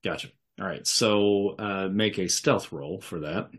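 Low-voiced man narrating a tabletop game. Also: unhurried. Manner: casual, filler-heavy narration with uh's. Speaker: game master.

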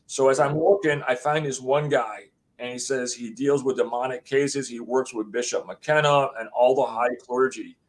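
Animated man telling a ghost story. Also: mid-range voice. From USA. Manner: rambling, acts out quotes, swears. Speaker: guest, homeowner telling a haunting story.

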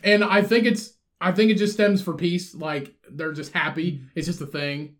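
A man's voice: a little high, steady tone, moderate pace. A man co-hosting a podcast in casual chat, amused and profane, rambling between thoughts. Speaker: podcast co-host.

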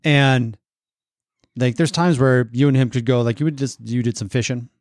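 A man's voice: mid-range voice, moderate pace, dry recording, studio quality. A man co-hosting a casual podcast, chatty and teasing, asking lots of follow-up questions. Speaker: podcast co-host.

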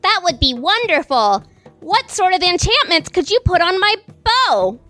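A woman's voice: very high voice, big pitch swings, measured pace, bright, forceful tone, faint music behind. A woman playing a tabletop game, speaking as her character in a blunt, playful way. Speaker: player. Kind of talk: casual in-character play.

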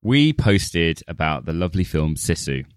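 A man's voice: sits low, sing-song, moderate pace, clean tone, no room sound, clean studio sound. A man co-hosting a casual film podcast, joking and laughing often. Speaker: podcast co-host.

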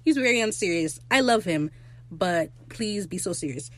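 A woman rambles through an episode recap in a casual, lively podcast voice. She sits a little lower in pitch than most women and breaks into shouts and laughter. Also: moderate pace, no room sound. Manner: animated, swearing, bursts of laughter and shouts. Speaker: podcast host.

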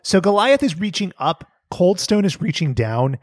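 Animated, swearing podcast guy. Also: sits high, moderate pace, dry recording, studio quality. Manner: animated, swears, laughs often. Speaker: podcast co-host recapping a cartoon. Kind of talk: casual comedic chat.

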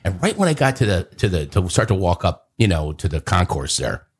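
A man's voice: low-pitched, brisk, breathy edge. A man, telling a story in casual chat as host and acting out quotes in a raised voice. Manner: animated, acts out quotes in a raised voice.

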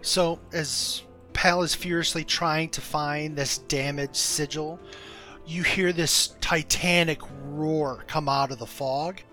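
A man running a tabletop game as game master, narrating in a relaxed, loose way with many fillers. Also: a little high, takes it slowly, soft background music.

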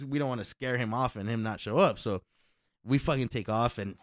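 A man telling a long story in casual, profane chat, acting out other people's lines in loud bursts. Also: medium pitch, a little fast, dry recording, studio quality. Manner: profane, animated, acts out quotes loudly.

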